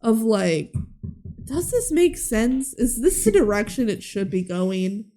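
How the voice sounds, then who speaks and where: A fairly high-voiced woman talks through a film recap with her co-host in an easy, chatty way. She often slips into quick voices for the characters and laughs a lot along the way. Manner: animated, acts out characters' lines, laughs often. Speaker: podcast co-host. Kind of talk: casual chat recapping a movie.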